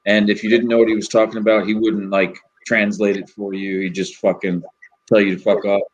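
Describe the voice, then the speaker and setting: Profane, rambling male storyteller, low voice. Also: little pitch movement, a little fast, husky, muffled recording. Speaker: host. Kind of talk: casual storytelling chat.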